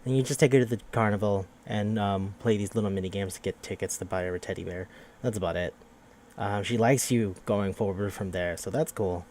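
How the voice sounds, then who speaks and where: A man's voice: on the low side, fairly even intonation, brisk, a little mellow, a little hiss or hum. A man hosting a podcast, casually recapping a video game in a rambling, profane way and acting out characters' lines. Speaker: podcast host.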